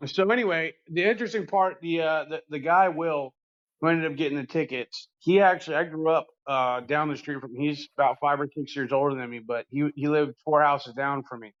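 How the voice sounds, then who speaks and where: A man's voice: on the high side, fairly quick, fairly bright tone, lo-fi sound. A man hosting a podcast, telling a long story in a rambling, laid-back and foul-mouthed way. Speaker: podcast host. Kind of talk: casual storytelling chat.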